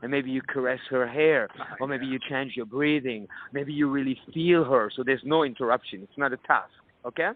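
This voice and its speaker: A man's voice: mid-range voice, normal speed. A man speaking as a dating coach at a live seminar, blunt and crude. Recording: tinny phone-like audio.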